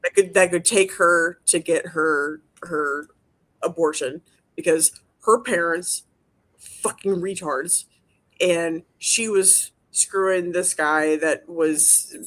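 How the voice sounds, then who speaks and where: A woman's voice: fairly low pitch, slow pace, a bit bright. A woman telling a personal story on a podcast, emotional and freely swearing. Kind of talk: casual podcast chat.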